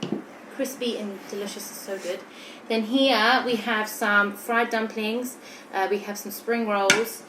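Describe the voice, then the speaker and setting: A woman's voice: mid-range voice, steady tone, unhurried, a bit bright. Chatty woman eating on camera. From United Kingdom. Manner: chatty, giggly, talking while eating. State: slightly out of breath. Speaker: vlogger. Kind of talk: mukbang chat. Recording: echoey room with background noise.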